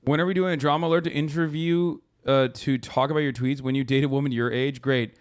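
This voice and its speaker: A man hosting a casual live stream, reacting to posts with animated, profane commentary. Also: medium pitch, quick pace, smooth. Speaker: streamer host.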